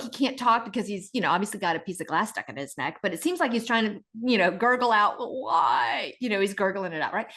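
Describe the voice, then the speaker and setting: A middle-aged woman co-hosting a casual podcast, retelling stories in an animated way and acting out the people in them. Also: mid-range voice. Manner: animated retelling with acted-out voices. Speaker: podcast co-host.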